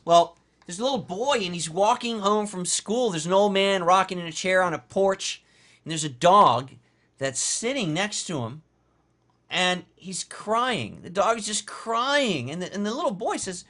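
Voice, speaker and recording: A man giving a motivational lecture for an online course. He speaks with animated emphasis, swinging between loud, high stresses and soft, low asides, and he often repeats his key lines. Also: measured pace. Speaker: course instructor.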